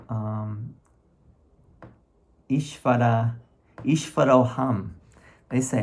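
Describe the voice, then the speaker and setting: A man reading verses aloud and explaining them in an informal recorded lesson, speaking haltingly with many pauses and restarts. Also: medium pitch, darkish tone. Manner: slow and halting, chants verses then comments. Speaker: teacher reading and explaining scripture. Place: room at home.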